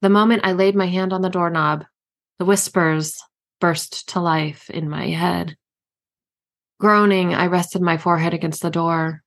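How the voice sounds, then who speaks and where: A woman reading her own novel aloud in a steady, measured first-person narration. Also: lowish voice. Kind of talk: audiobook narration.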